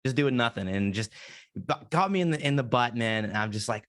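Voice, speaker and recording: A man's voice: medium pitch, expressive, fairly quick, a bit bright. A young man hosting a podcast, telling a story in casual chat and acting out his own panicked reactions. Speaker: podcast host.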